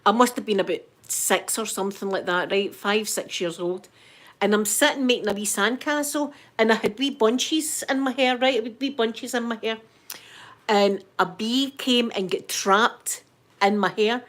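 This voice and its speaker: Here a Scottish woman in middle age chats casually on her live stream, welcoming viewers by name. Her pitch is medium and her pace normal, with a slight hiss or hum in the audio.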